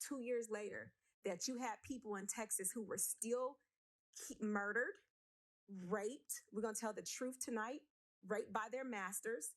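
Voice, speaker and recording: A woman speaking at a city council meeting, emotional, blunt and emphatic as she argues her point. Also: medium pitch. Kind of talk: impassioned council meeting speech.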